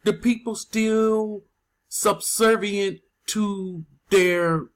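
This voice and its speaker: A man preaching a scripture teaching, stressing key words with slow, drawn-out emphasis. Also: high voice, steady tone.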